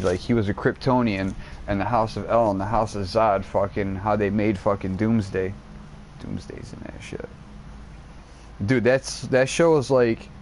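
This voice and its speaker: A man streaming a game, rambling in casual chat and retelling a show in an excitable, foul-mouthed, slang-heavy way. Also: fairly low pitch, slight background noise. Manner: profanity-laden, excitable storytelling, heavy slang.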